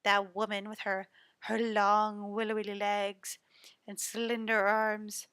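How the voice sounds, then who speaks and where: A woman gives voice to a young woman mourning a vanished lover, lingering over her words with rueful emphasis. The reading is slow and set in a dry, close sound. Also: mid-range voice, completely flat delivery, fairly bright tone, clean tone, no echo. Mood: disdainful. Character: grieving young woman, lover of a missing man.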